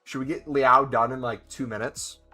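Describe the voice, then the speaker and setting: A man's voice: medium pitch, steady tone, moderate pace, sharp tone, faint music behind. A man streaming a video game, chatting casually and answering viewers' questions as he plays. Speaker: gaming streamer. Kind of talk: casual live-stream commentary.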